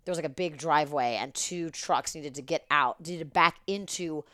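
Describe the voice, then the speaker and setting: A woman's voice: sits low, moderate pace, fairly bright tone, no echo, studio quality. A woman guest on a podcast, telling a story in casual, rambling, profanity-laced chat. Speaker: event producer.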